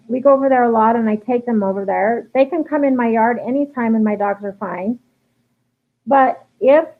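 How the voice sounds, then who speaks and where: A fairly high-voiced woman dog trainer talks through viewer questions in a relaxed, chatty way, often pausing on an um and restarting her sentences. The sound is thin and tinny, as if it came through a phone line. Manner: chatty, many ums and restarts. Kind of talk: live Q&A, casual explanation. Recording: tinny phone-like livestream audio.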